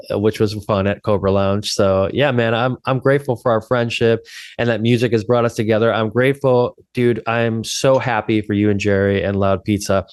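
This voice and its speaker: A man's voice: lowish voice, clear, resonant tone, no room sound, studio quality. A man hosting a podcast, talking in a casual, earnest, rambling way. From Chicago area. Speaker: podcast host.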